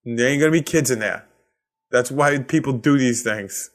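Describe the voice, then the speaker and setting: A man's voice: mid-range voice, moderate pace. Profane ranting Boston man. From Massachusetts. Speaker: podcast host. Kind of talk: solo comedic rant.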